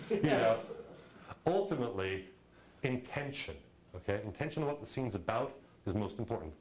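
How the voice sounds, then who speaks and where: A middle-aged man teaching a film directing class, talking in a lively, conversational way and acting out quotes. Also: lowish voice, normal speed, slight background noise, poor audio. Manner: animated, conversational, acts out quotes. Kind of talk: lecture to a class.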